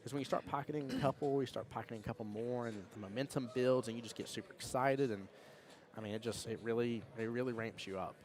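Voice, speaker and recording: A man's voice: mid-range voice, steady tone, fast, crowd noise. A man from Georgia, commentating pool in an enthusiastic, chatty, laughing way. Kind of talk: live sports commentary. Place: pool hall.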